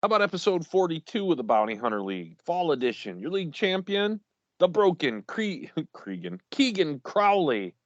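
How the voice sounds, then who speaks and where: A man's voice: fairly high pitch, big pitch swings, normal speed, no echo, muffled recording. A man co-hosting a casual podcast, reading out league champions while stumbling over names and laughing at himself.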